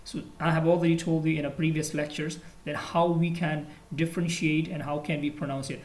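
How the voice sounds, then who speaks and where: Speaking with a Pakistani accent, a man from Pakistan tutors English online in a relaxed lesson, leaning on fillers and slipping into Urdu. His pitch is somewhat high but barely moves, and he talks a little fast in an echoey room on poor-quality audio.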